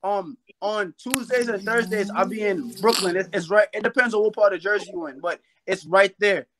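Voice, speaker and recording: A man's voice: high voice, moderate pace, crowd noise, poor audio. A young man from New York, a boxer guest talking casually and rambling with fillers about his fights. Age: young adult. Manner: relaxed, rambling, fillers like "you feel me". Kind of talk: casual interview chat.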